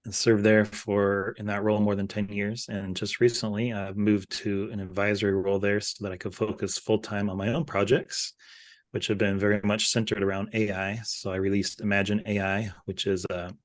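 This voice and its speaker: A man's voice: on the low side, little pitch movement, normal speed. A man, a plugin developer, introducing himself on a video call panel in a matter-of-fact, slightly hesitant way.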